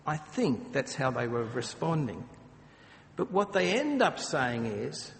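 A man preaches slowly and deliberately, his somewhat high voice carrying a long reverb through a large hall. A faint rumble of noise sits underneath his earnest sermon. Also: very animated. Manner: slow, earnest preaching with dramatic acted quotes.

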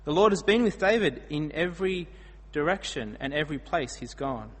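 An Australian man delivers a storytelling sermon, his voice husky and set a little high. He swings between loud emphatic bursts and quiet asides. The sound rings out in a hall with a long echo. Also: expressive, moderate pace. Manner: storytelling, dramatic swings in loudness. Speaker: preacher.

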